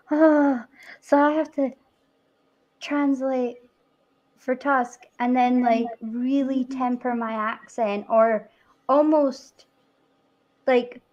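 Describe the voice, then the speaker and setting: Chatty Scottish woman, fairly high voice. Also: lo-fi sound. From Scotland. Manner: chatty, laughs often. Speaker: stream host. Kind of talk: casual chat.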